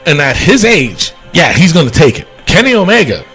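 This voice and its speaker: A man with a fairly high voice, co-hosting a casual podcast. He talks in long, rambling runs, gets animated, and laughs often. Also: moderate pace, slightly rough, faint music behind. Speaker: podcast co-host. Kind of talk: casual wrestling chat.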